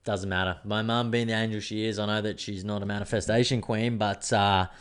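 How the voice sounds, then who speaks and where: A man's voice: fairly low pitch, fairly even intonation, a little fast, smooth. A young adult man, hosting a podcast in a rambling, sweary, laid-back casual chat. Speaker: podcast host.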